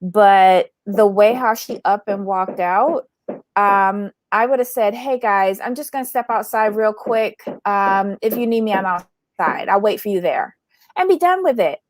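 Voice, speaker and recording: A woman co-hosting a podcast, chatting casually about a reality show, frank and opinionated and quick to laugh. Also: mid-range voice, dry recording. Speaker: podcast co-host.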